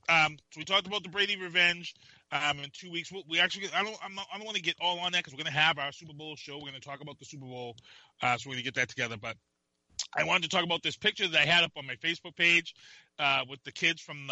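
Bright-voiced ranting man. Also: on the high side, no room sound. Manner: ranting, profane, quick to laugh. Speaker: podcast co-host. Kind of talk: casual radio chat.

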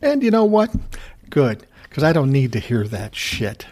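A man talks straight to his listeners in a loose, ranting monologue. His delivery is sarcastic and peppered with swearing. His voice sits at an ordinary middle pitch for a man. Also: big pitch swings, a little slow, darkish tone. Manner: profane, sarcastic storytelling. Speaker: commentary host.

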